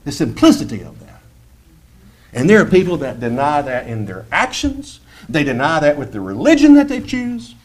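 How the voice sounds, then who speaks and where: A man preaching a sermon in a high voice that leaps up and down through each phrase. He is animated and slips into mocking impressions of churchgoers.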